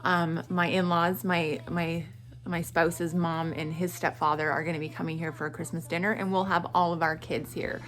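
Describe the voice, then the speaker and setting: A woman's voice: fairly low pitch, moderate pace, soft background music. Chatty middle-aged woman vlogger. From Atlantic Canada. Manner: animated and chatty, with frequent laughs and self-talk asides. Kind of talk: chatty morning vlog.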